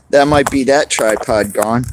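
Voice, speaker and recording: Slow-talking man streaming outdoors in the wind. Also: mid-range voice. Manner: rambling, greets chat viewers by name, laughs often. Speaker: live-streamer. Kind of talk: casual outdoor live stream chat.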